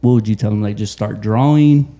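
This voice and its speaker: A man co-hosts a casual podcast and talks in a low, very dark and mellow voice. His questions ramble along, padded with "like" and "you know.". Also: brisk.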